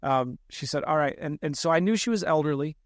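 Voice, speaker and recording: A man with a fairly high voice tells a story on a podcast, mocking his younger self and acting out the other people's lines. The sound is dry and close, with no room echo. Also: fairly quick. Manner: animated, self-deprecating storyteller who acts out quoted lines. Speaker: real estate investor guest.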